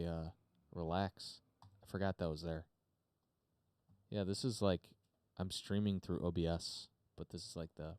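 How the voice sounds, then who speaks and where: A man's voice: low voice, darkish tone, clear, resonant tone, dry recording. A man hosting a podcast, chatting unscripted on a live stream from his home studio, rambling with lots of fillers and casual swearing. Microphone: desk mic through a mixer.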